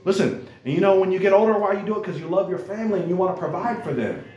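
An earnest man preaching to a youth group, his voice sitting a little higher than most men's. He drives his points home by repeating them and calling out to the room. The church around him adds a roomy echo. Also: lively intonation, very fast, mellow, lo-fi sound. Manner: earnest and repetitive, keeps calling out to the listeners. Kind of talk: sermon to young people.

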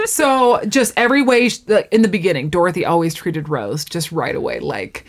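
A woman's voice: fairly low pitch, normal speed, vocal fry. A young woman in casual chat, telling stories with a sarcastic edge and frequent "like" fillers. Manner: animated storyteller, sarcastic, many "like" fillers.

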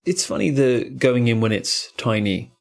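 A man's voice: medium pitch, lively intonation, unhurried, creaky. A man hosting a podcast in casual chat, rambling and musing with frequent asides. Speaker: podcast host.

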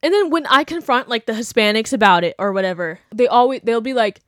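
A woman's voice: a little high, expressive, brisk, hardly any pauses, dry recording, studio quality. A young woman hosting a podcast, talking bluntly and animatedly in casual opinion chat, mocking the people she quotes. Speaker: podcast host.

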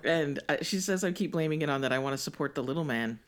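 A woman's voice: low-pitched, fast. A woman in her forties co-hosting a podcast, chatting casually in a rambling way and laughing often mid-sentence. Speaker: podcast co-host. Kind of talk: casual chat.

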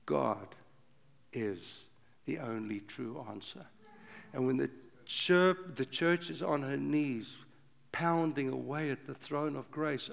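An older man preaching an impassioned sermon, swinging from loud urgent bursts to hushed low passages. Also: slow, creaky. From South Africa. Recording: long reverb of a big hall.

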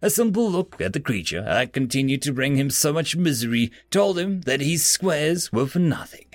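A man narrating science fiction and fantasy stories in an expressive reading. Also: fairly high pitch, moderate pace, dry recording, soft background music. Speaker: story narrator. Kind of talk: scripted story narration.

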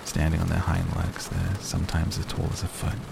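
A man voicing a calm, bearded American field biologist with a soft Southern accent. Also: deep voice, brisk, creaky. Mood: calm explaining. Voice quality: soft-spoken, explanatory. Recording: noisy recording.

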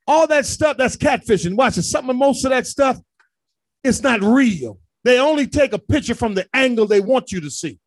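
A male pastor preaching a sermon, calling out to the congregation and rising to shouts. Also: very high-pitched, animated, moderate pace, no room sound.

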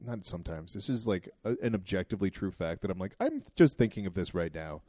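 A man's voice: low-pitched, big pitch swings, fast, dark tone, no room sound. A young man co-hosting a casual chat podcast, rambling and giggling, with many filler words. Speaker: podcast co-host.

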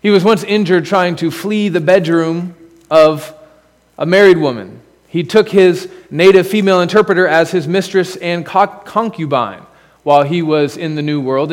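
A pastor with a fairly high voice delivers a sermon at a moderate pace in a reverberant church sanctuary. His preaching is conversational, sprinkled with asides and rhetorical questions.

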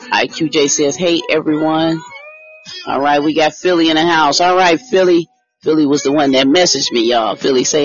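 A man hosting a casual live stream, chatting with viewers by name and reading out lottery numbers. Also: on the high side. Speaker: livestream host giving lottery picks. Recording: dull lo-fi stream audio with faint music.

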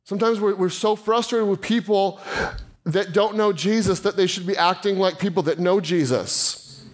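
Animated, chatty male pastor preaching. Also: sits high, moderate pace. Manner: conversational, animated, acts out quoted voices. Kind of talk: sermon.

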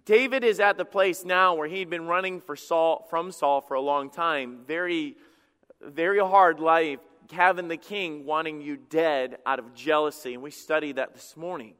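High-voiced pastor preaching in a reverberant church. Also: male voice, clean tone. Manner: animated preaching with acted quotes and repeated stammered restarts. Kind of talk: sermon.

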